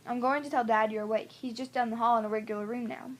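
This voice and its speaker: A woman voicing a caring mother of a hurt teenage son, speaking softly and reassuringly. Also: a little high, steady tone, fast talker, close to an everyday voice. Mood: tender.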